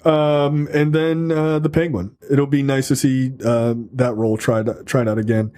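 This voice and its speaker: A man hosting a podcast in casual chat, excitable and laughing, often saying "yo". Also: medium pitch, a little slow. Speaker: podcast host.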